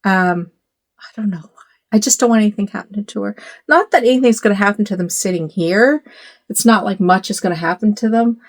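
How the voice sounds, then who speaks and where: A woman's voice: mid-range voice, brisk. A middle-aged woman chatting casually to her phone camera in a bedroom at home, rambling with lots of fillers and asides. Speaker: doll collector vlogger.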